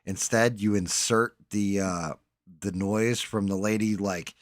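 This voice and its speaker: A man hosting a stream, chatting casually and telling animated stories while imitating his friends. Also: fairly low pitch, measured pace, dry recording, clean studio sound. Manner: animated storyteller, mimics others' voices. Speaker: stream host. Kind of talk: casual chat.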